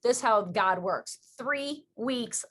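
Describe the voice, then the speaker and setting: A woman from Western New York hosting a podcast, chatting casually and telling stories with quick, rambling asides. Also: fairly high pitch, a bit bright, slight background noise. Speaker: podcast host. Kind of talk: casual interview chat.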